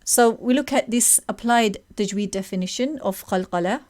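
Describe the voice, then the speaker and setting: Woman teacher, patient explainer, mid-pitched voice, recites examples between explanations. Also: a little mellow. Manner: patient, explaining slowly and demonstrating sounds. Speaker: tajweed teacher. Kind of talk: online lesson with recitation examples.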